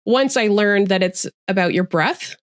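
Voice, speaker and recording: A woman's voice: mid-range voice, moderate pace, no room sound, clean studio sound. A woman guest who trains presenters, explaining her views articulately in a casual interview over a video call.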